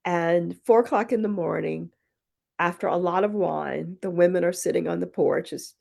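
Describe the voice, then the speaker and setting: Woman podcast guest, gravelly texture, lowish voice, reflective storytelling. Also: moderate pace, a little mellow. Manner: thoughtful, acts out quoted dialogue in anecdotes. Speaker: podcast guest, poet and retreat founder.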